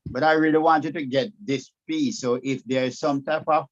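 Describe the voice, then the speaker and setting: Male tutor, mid-pitched, patient, spells things out, dull lo-fi call audio. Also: steady tone, moderate pace. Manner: patient, spells words out letter by letter. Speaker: teacher.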